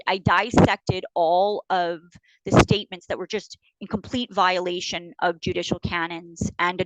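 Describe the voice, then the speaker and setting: A woman's voice: fairly low pitch, dry recording, poor audio. A middle-aged woman, a paralegal guest on a podcast, talking bluntly and indignantly in casual interview style with many fillers.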